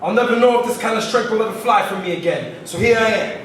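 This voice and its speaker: A man's voice: high-pitched, fast talker, fairly bright tone, slight background noise. A man in his twenties with Dominican roots from New York City performing spoken word poetry, rhythmic and emphatic, clipping and repeating words for effect. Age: 20s. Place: large college performance room. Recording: echoey hall recorded from far off.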